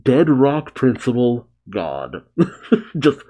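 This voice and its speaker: Brief: casual male reactor reading manga, laughs a lot, darker mellow tone. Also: medium pitch, sing-song, very slow. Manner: frequent laughter, casual asides. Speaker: reaction channel host.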